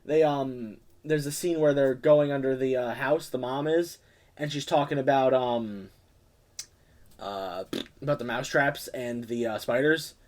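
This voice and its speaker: Rambling young man recapping a movie. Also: medium pitch. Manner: rambling, lots of fillers and quick quoted impressions. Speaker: podcast co-host. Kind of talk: casual movie review chat.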